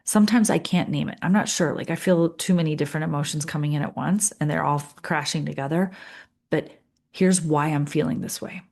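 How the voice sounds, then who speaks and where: A middle-aged woman leading a guided coaching session, calm and earnest, repeating phrases with pauses. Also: deep voice, vocal fry. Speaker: leadership coach.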